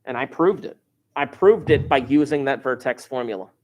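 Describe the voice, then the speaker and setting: A man teaching a high school math class, chatty and informal, who repeats key phrases to drive them home. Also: normal speed, a little mellow, slight background noise. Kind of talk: recorded classroom math lesson.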